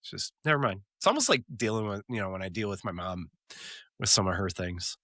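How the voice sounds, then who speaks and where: Male podcast co-host, lively pitch, chatty episode recap. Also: a little fast, no echo, clean studio sound. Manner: animated retelling with laughs and fillers. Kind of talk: casual chat recapping a TV episode.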